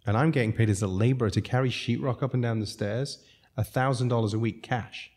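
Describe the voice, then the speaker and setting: A man's voice: medium pitch, a little fast, a little mellow, husky. A man from South Africa, a podcast guest, telling long rambling stories in a casual way and laughing between sentences. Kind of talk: casual storytelling.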